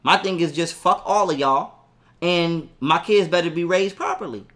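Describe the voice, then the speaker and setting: A young man telling a heated story in a profane, animated way and acting out what people said. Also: on the high side, moderate pace. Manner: profane, animated, acts out quotes. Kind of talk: casual ranting story.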